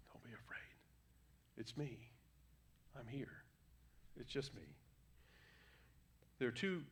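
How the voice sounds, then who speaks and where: Male guest preacher, mid pitch, chatty pulpit delivery, lots of ums and restarts. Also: a bit bright. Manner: conversational, with frequent fillers and self-corrections. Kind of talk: sermon. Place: church sanctuary.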